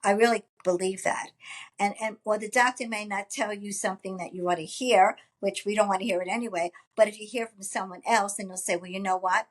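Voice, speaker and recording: A woman co-hosting a podcast in casual chat, agreeable and quick to back up her partner. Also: mid-range voice. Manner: agreeable, gives steady backing replies. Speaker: podcast co-host.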